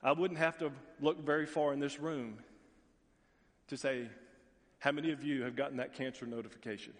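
A middle-aged man preaching a sermon as pastor, telling stories with folksy asides and animated voices for the people in them. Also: mid-range voice, moderate pace. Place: church sanctuary. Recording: long reverb of a large hall.

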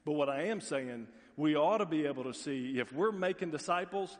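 A middle-aged man preaching a sermon as pastor, telling stories with folksy asides and animated voices for the people in them. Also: fairly high pitch, normal speed, hardly any pauses. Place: church sanctuary. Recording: long reverb of a large hall.

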